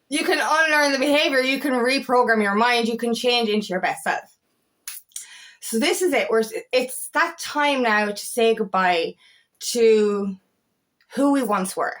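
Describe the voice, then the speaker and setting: An Irish woman with a Kerry lilt delivers a casual spiritual pep talk in a slightly high voice. She gets fired up, swears freely, and keeps apologizing for it. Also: a little slow, a bit bright. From Ireland. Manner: passionate, swears often, apologizes and laughs. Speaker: feminine empowerment coach. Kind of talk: casual spiritual vlog monologue.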